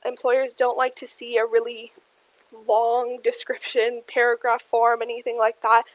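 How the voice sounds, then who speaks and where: Woman, young adult, instructional talk, slightly high voice, frequent ums, dry recording. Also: measured pace, no echo, poor audio. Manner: steady explainer with frequent ums, addresses "you guys". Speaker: career workshop presenter. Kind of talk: instructional presentation.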